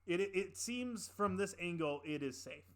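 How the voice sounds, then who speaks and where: A man's voice: high voice, animated, measured pace, a bit bright. Hesitant man narrating as dungeon master. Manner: hesitant, many fillers and restarts. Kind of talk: improvised tabletop game narration.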